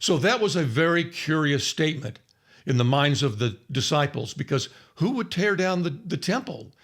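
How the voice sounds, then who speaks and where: A man's voice: medium pitch, fairly bright tone. A man teaching on the Bible in a conversational storytelling way, acting out the people he quotes. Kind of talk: sermon-style Bible teaching.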